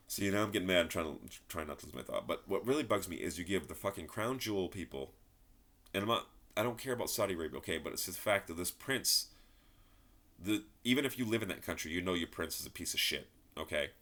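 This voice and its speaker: Guy with a low voice venting, cussing, repeating himself a lot. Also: expressive, fast talker, pushed and bright. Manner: frustrated, swears often, repeats himself. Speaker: wrestling reviewer. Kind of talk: ranting solo commentary.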